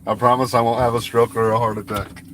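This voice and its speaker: A man's voice: medium pitch, little pitch movement. An agitated man stumbles through his words, restarting again and again as he vents. He is upset and talks from inside a moving car. A faint hum of the vehicle sits under his voice. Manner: agitated, halting, many restarts. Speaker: records requester livestreaming. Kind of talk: confrontational livestream. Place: in a car while driving.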